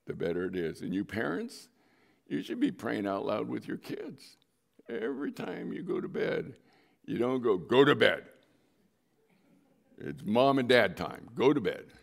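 A middle-aged man preaching a sermon, his lowish voice carrying a gravelly edge. He talks like he's telling stories to friends, then suddenly pushes his voice up for emphasis. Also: darkish tone. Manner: conversational storytelling with sudden emphatic rises. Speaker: pastor.

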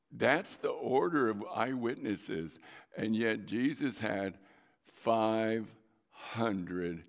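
A man's voice: mid-range voice, creaky, long reverb tail. A man preaching a sermon as a pastor, telling a personal story with emphasis and drawing out key words.

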